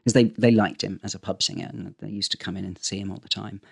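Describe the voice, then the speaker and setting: A man, a talent agent talking casually as a podcast guest, animated and often repeating words as he starts a sentence. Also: lowish voice, fast talker, gravelly, husky. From England. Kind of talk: casual interview chat.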